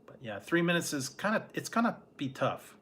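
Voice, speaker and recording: A man's voice: a little high, sing-song, fairly quick, a bit bright. A man chatting casually on a late-night livestream, rambling in an easygoing way and chuckling often. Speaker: food vlogger.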